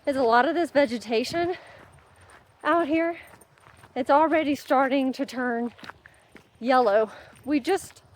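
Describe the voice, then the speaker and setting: A woman's voice: high voice, measured pace, long pauses, a little hiss or hum. Chatty upbeat woman vlogging outdoors. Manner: chatty, upbeat, talks to viewers and her dog. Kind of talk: casual hiking vlog narration. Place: outdoors on a mountain trail.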